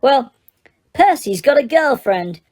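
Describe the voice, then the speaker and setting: A woman's voice: sits high, expressive, darkish tone, pitched above the performer's own voice. A woman voicing a shy, slightly anxious young girl in an audiobook, confiding in a lighter voice. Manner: quick, confiding, a little nervous. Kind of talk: audiobook character voice.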